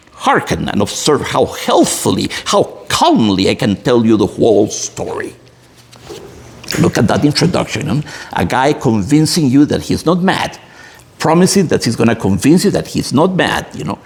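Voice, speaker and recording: Gravelly man, theatrical. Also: mid-range voice, big pitch swings, normal speed. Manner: theatrical, emphatic reading with wide swings. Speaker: literature teacher. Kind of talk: literature lesson with dramatic reading.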